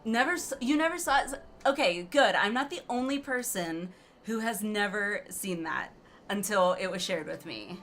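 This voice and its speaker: A woman's voice: mid-range voice, animated, moderate pace, a bit bright, faint music behind. A young woman streamer chatting casually over her gameplay, giggly and rambling with lots of fillers. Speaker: game streamer. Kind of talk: casual let's-play commentary.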